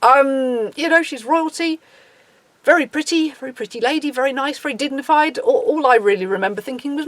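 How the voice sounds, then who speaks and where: A woman's voice: high voice, lively intonation, normal speed, no echo. A woman in her thirties with an English accent, talking through her opinions in a casual monologue, restarting often and acting out quotes. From England. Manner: chatty and opinionated, with many restarts and acted-out quotes. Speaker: podcast host.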